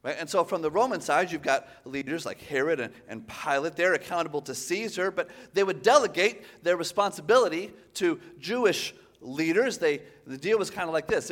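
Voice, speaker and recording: A man preaching a sermon, animated and conversational, often tossing in "right?" to the congregation. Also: fairly high pitch, brisk, hardly any pauses.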